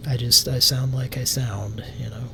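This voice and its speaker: A Southern US man chats in a rambling way on a live prank call show, full of fillers and casual swearing. His pitch stays flat and level. A steady rumble of noise sits under the recording. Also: normal speed, creaky. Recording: noisy background rumble.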